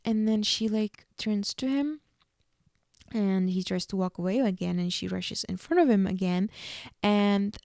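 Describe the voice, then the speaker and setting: A woman's voice: mid-range voice, measured pace, creaky, a little mellow, no echo, studio quality. A young woman hosting a podcast, casually recapping a TV episode in a chatty way full of fillers. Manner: chatty, full of "like" and "you know". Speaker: podcast host.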